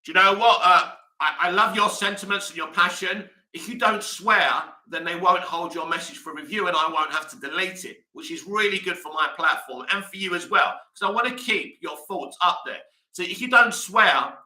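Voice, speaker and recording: A man's voice: sits high, normal speed, pushed and bright, reverberant, recorded from a distance. A man hosting a live movie news stream, talking passionately and rambling straight to his viewers. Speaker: movie news channel host.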